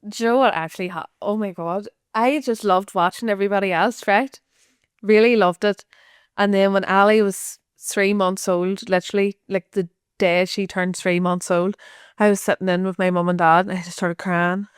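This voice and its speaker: A woman's voice: mid-range voice, fairly even intonation, normal speed, smooth, no echo, studio quality. A woman, a podcast guest chatting candidly, swearing freely and laughing often. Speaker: podcast guest, social media creator. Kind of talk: candid casual chat.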